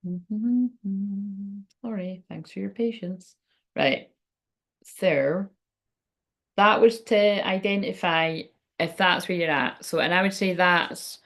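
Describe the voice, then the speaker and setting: A woman's voice: fairly low pitch, slow, fairly bright tone. A woman doing a casual card-reading livestream. She chats and rambles, swears freely, laughs often and reads the card text aloud. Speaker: tarot and oracle card reader.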